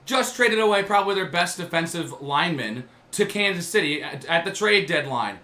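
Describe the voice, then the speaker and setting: Man, fan reaction host; bright, sharp tone, mocking rant broken by laughter, echoey room. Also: on the high side, lively intonation, moderate pace, far from the mic. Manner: mocking, keeps breaking into laughter. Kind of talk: casual rant to camera. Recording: echoey room, voice away from mic.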